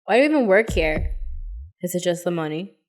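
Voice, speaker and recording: A woman's voice: fairly low pitch, animated, brisk, over music, close to an everyday voice. Bitter defensive young male patient, read by a woman; curt, scornful lines. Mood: accusing.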